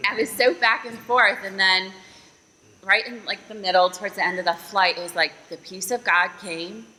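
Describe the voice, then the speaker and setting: A woman's voice: mid-range voice, steady tone, normal speed, bright, forceful tone. A young woman recounting her family story in an interview, candid and given to laughing. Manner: candid, laughs while acting out her past outbursts. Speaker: sister sharing a testimony. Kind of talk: emotional testimony interview. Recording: echoing reverb with faint ambient hiss.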